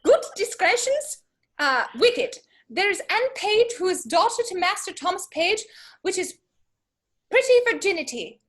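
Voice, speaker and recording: A fussy, preachy country parson, read by a woman with a very high, swooping voice that rises and falls all over the place. The reading is casual and amateur, with lively, playful delivery. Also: a little slow, exaggerated voice. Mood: comic. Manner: lively, breaks off laughing at her own accent. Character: comic fussy Welsh parson, middle-aged man.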